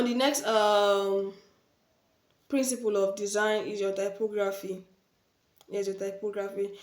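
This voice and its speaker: In an echoey room, a woman with a slightly high, somewhat mellow voice gives an informal spoken tutorial on design basics. She often repeats her key points and affirms them with "yes."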